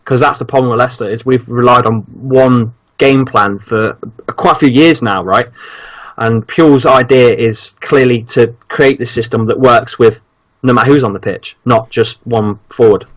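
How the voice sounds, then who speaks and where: A man's voice: medium pitch, moderate pace. Rambling man hosting a football podcast. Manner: rambling, hesitant, with ums and restarts. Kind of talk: casual chat.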